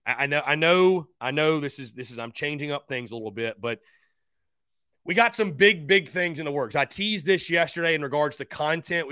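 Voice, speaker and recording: Bright, energetic male podcast host. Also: on the high side, dry recording, studio quality. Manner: energetic, repeats himself, talks straight to viewers; thanks fans and shouts out supporters by name. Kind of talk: live-stream call-in show chat.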